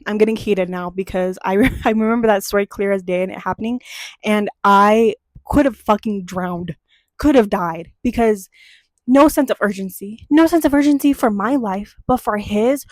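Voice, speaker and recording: A young woman hosting a chat show, telling a childhood story in a casual, animated way and swearing freely as she gets heated. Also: mid-range voice, normal speed, no echo.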